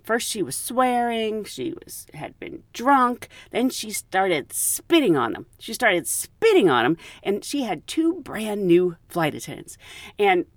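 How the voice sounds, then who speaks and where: A woman flight attendant telling travel stories in a casual, animated way, laughing often. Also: mid-range voice, a little slow, no echo. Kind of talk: casual storytelling.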